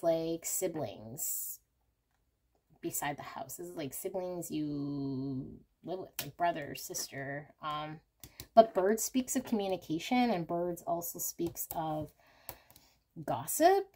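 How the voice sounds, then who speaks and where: Chatty woman reading cards, lowish voice. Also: expressive, measured pace, warm tone, slightly rough. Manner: candid, chatty, thinks aloud with frequent "like" and "um". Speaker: tarot card reader. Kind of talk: casual pick-a-card reading.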